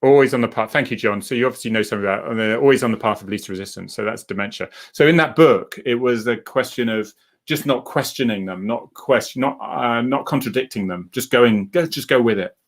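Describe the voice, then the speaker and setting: A middle-aged man, hosting a casual live chat, rambling and reading out viewer comments and acting out what people said. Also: brisk. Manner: acts out quoted people with jumps in pitch.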